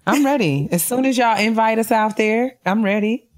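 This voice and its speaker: A woman co-hosting a podcast, reading listener shout-outs and cheering them on, laughing easily. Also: fairly high pitch, moderate pace. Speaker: podcast co-host. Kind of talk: casual chat, reading listener emails.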